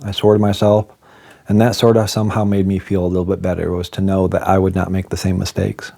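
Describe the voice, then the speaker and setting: A man in his forties with a low, mellow voice tells a hard story from his own life. He speaks candidly and reflectively, pausing often and restarting his sentences as he goes. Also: monotone, vocal fry. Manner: candid and reflective, halting with fillers. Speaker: vlogger. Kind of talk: personal storytelling to camera.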